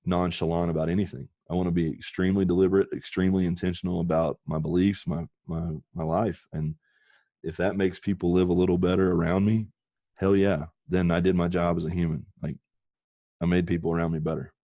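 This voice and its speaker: A very deep-voiced man talks candidly and with feeling, swearing now and then as he tells personal stories. The sound is dry and close, with no room around it. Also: level tone, a little fast, warm tone, no room sound, dull audio. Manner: earnest, emotional, swears casually. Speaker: podcast guest. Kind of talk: candid podcast storytelling.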